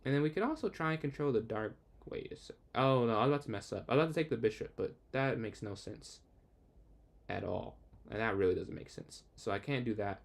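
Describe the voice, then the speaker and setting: A man's voice: medium pitch, creaky. A young man streaming chess, casually talking through his moves and answering chat as he plays. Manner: thinks aloud, quick asides to chat; excitable outbursts when the game turns. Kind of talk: casual live game commentary.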